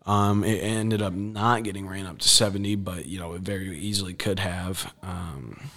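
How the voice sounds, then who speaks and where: A man's voice: low voice, fairly even intonation, normal speed, a bit bright. A young man hosting a solo sports podcast from a campus podcast booth, chatting casually with slangy asides and frustrated rants. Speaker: podcast host.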